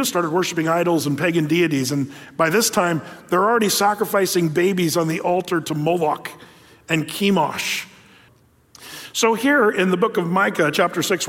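A male pastor giving a sermon, reading scripture and retelling stories in a conversational, animated way. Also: high voice, long reverb tail.

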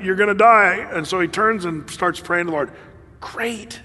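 A man preaching a sermon in a conversational, animated way, with laughs and fillers. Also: sits high, normal speed, in a large hall. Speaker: pastor.

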